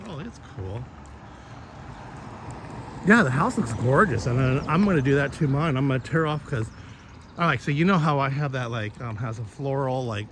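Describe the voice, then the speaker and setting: A man's voice: mid-range voice, background noise. A man chatting casually while walking his neighborhood, rambling and swearing as he gossips about the neighbors. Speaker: vlogger. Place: outdoors in a neighborhood.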